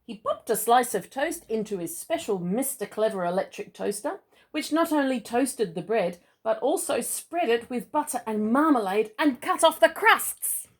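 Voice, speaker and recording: A woman's voice: fairly high pitch, expressive, moderate pace. A woman reading a children's storybook aloud to a child, playful and chatty with asides. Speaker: parent or relative reading to a child.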